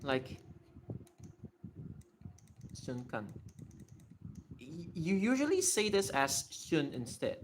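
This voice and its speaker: A livestreamer in a casual Q&A, excitable and thinking out loud while typing. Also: mid-range voice, slow, long pauses, a little hiss or hum.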